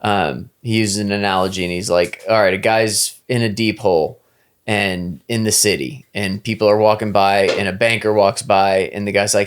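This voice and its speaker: A man's voice: low voice, moderate pace, clear, resonant tone. A man hosting a podcast, chatting casually and acting out the people in his stories. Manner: animated storyteller, acts out voices. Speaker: podcast host. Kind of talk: casual interview talk.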